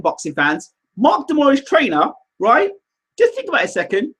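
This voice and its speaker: Male livestream host, very high voice, animated and teasing, chatty. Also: normal speed, breathy edge. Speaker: live show host reading viewer comments. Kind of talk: casual livestream chat.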